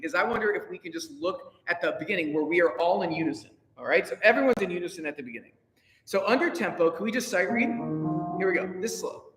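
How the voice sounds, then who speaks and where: A man leading a choir rehearsal, counting in and singing phrases to show the singers how they go. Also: high voice. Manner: animated, counts in and sings phrases to demonstrate. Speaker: choir director. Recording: reverberant hall recording with music. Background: instrument accompaniment.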